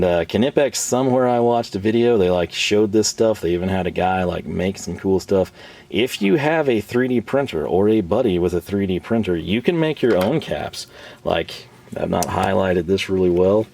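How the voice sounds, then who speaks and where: A man with a Texan accent, hoarse from losing his voice, chatting casually and rambling through a hands-on tool review. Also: low-pitched, darkish tone. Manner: rambling, chatty, laughs often. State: hoarse, recovering from lost voice.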